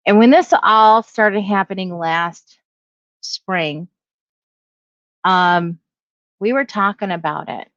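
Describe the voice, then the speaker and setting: A woman's voice: mid-range voice, takes it slowly, long pauses, a bit bright, no room sound. Middle-aged woman ranting casually, lots of self-corrections, dry muffled sound. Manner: rambling, self-correcting, reads headlines aloud. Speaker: video blogger. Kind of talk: casual opinion commentary.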